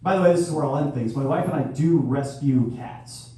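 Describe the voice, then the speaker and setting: A man in his thirties doing a crude stand-up comedy set with sudden loud outbursts. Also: on the high side, brisk. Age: 30s. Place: live venue hall. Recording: echoey hall from far off, faint noise.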